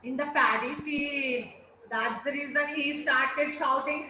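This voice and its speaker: A woman teacher with an Indian English accent, telling a story slowly and expressively to children in an online class. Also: high voice. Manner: slow, expressive storytelling with acted-out pleas. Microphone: video call. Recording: very echoey room with faint noise.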